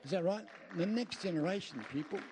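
Background noise accompanies a high-pitched, slightly fast male voice. He's an Australian guest at a church, preaching emphatically through folksy stories and rambling asides while calling for amens from the crowd.

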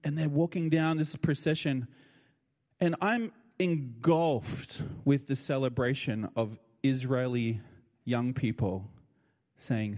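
A man's voice: medium pitch, animated, slow pace, darkish tone. Older Australian man in a big hall. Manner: colloquial and heartfelt, with feeling in his voice. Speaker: speaker addressing an audience. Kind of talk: emotional personal storytelling. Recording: long reverb of a large hall.

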